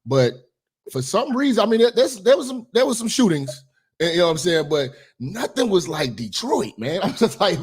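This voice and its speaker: A man hosting a casual call-in commentary show, blunt and animated, laughing along with callers. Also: high-pitched, moderate pace, husky. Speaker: podcast host taking calls.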